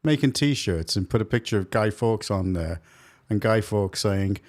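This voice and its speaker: Guy cohosting a politics chat, lower voice, keeps asking stuff. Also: animated, measured pace. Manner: leading questions, steering the talk. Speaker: podcast co-host.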